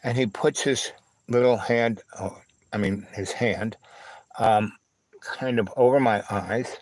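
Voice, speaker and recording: A man's voice: fairly low pitch, darkish tone, no echo, poor audio. A man hosting a livestream, telling a long personal story in a rambling way, full of fillers, restarts and little asides to the listener. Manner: halting, with many fillers, restarts and "you know, right?" asides. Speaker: livestream host.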